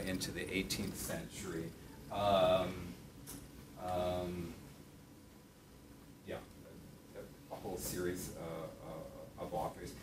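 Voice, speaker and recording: This music professor, a middle-aged man with a lowish voice, lectures thoughtfully in a classroom containing a piano. He fills his speech with fillers and self-corrections, and the distant, roomy recording picks up background noise.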